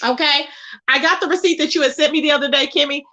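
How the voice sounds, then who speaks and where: High bright-voiced woman ranting on a livestream. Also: steady tone, fast talker. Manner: indignant, repetitive, calling out by name. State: tired. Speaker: livestream host. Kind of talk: ranting live stream commentary.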